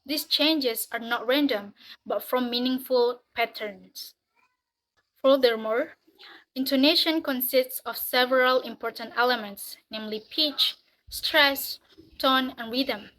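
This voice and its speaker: A woman presenting in class, reading her prepared text in a steady, even way. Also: high-pitched, measured pace, poor audio. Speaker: student presenter.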